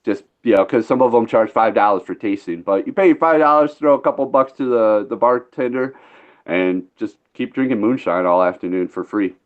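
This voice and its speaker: A man's voice: lowish voice, brisk. Casual male podcast host, loose storyteller, dull recording. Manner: rambling, laid-back storyteller, swears freely.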